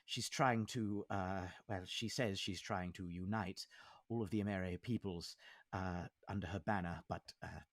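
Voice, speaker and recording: A man's voice: low-pitched, steady tone, moderate pace, dry recording, clean studio sound. A man voicing a polite, worried man on the run, speaking hesitantly and apologetically.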